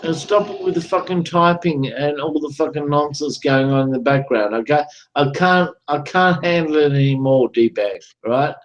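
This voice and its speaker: A man's voice: a little high, normal speed, hardly any pauses, poor audio. A man ranting in an online voice chat room, taunting a rival with repetitive profane gloating over a computer microphone. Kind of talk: angry taunting rant.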